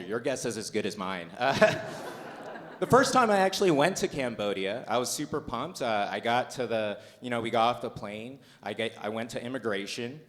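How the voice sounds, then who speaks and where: A man doing a stand-up comedy set on stage with a handheld mic, loud and hyped, mocking himself and shouting out to the crowd. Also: medium pitch. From Boulder, Colorado. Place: comedy stage in front of a live audience.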